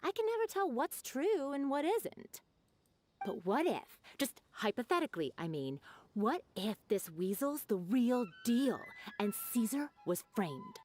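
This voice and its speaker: A woman's voice: fairly high pitch, measured pace, soft background music. An actress voicing a chatty young townswoman in a video game, full of gossip. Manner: chatty and animated. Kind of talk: game voice acting.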